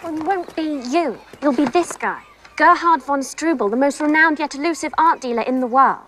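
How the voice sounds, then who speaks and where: A woman's voice: high voice, normal speed, fairly bright tone, slight background noise. An actress playing a persuasive, teasing young schoolgirl ringleader. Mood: persuading. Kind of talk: film acting.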